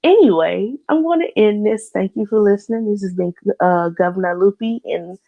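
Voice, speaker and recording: A woman's voice: medium pitch, normal speed, narrow, tinny audio. A woman hosting a solo rant podcast, blunt and opinionated, rambling with restarts and cursing freely, talking into a computer mic. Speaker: podcast host. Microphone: computer mic via voice chat recording bot.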